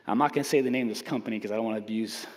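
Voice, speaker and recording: A man preaching a sermon with humorous storytelling. He is animated and self-mocking, acting out the voices in his stories. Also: fairly low pitch, rapid-fire, long reverb tail. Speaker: pastor.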